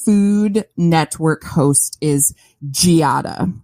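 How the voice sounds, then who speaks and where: A woman's voice: low-pitched, very slow, warm tone, dry recording. A woman guest on a podcast, opinionated and emphatic in casual chat, building up to a punchline.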